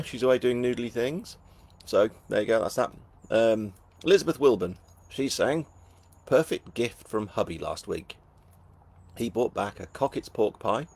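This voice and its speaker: A middle-aged man with a Northern English accent and a low, husky voice, chatting casually through viewer comments on a live stream. He talks in a jokey, self-deprecating way and breaks into bursts of excited enthusiasm. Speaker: author hosting a live book launch.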